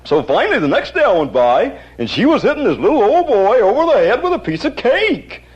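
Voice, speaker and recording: Quick Draw McGraw, a proud cowboy horse. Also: male voice, high-pitched, wildly swooping pitch. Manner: slow drawling Western twang, dim but proud. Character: slow-witted cowboy cartoon horse, proud gunslinger. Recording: dull lo-fi archive recording.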